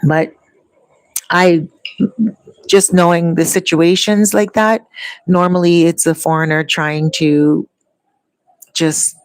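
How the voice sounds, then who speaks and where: A woman's voice: low-pitched, dry recording, low-quality recording. A woman talking casually to her viewers, rambling and long-winded as she tells stories. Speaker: vlogger. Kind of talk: casual chat.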